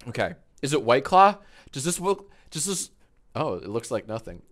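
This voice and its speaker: Speaking from his green-screen home studio, a wine-tipsy man in his thirties rambles on a live stream, cracking jokes and cursing without restraint. His medium-pitched voice has a sing-song quality, a slightly bright tone and a normal speed.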